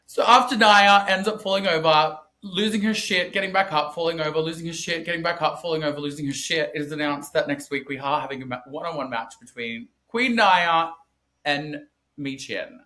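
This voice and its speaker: A man co-hosting a podcast in casual chat, recapping wrestling in an animated, profane way and laughing often. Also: fairly high pitch, brisk. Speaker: podcast co-host.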